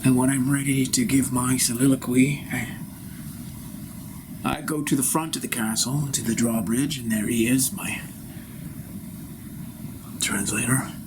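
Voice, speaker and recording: A man playing a pompous ascended guru, slow-spoken. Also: mid-range voice, steady tone, natural voice. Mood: lofty. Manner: pompous, lofty, drifting into whispers. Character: grandiose self-proclaimed ascended male spiritual master. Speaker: improv performer. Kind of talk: solo theatrical improvisation. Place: inside a vehicle. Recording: noisy recording inside a vehicle.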